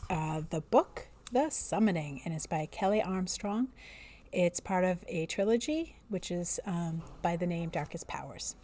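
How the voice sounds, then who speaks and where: A woman teacher introducing a book and then reading its first chapter aloud in a deliberate storytelling manner. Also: mid-range voice, warm tone.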